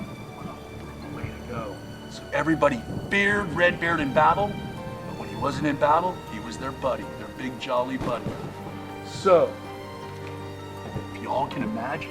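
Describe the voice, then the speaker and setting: A middle-aged male storyteller with a fairly high voice spins a spooky tale. He has a dramatic campfire delivery, sinking to hushed tones and then booming out. Music plays clearly under his voice. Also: low-quality recording. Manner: dramatic, swings between hushed and loud.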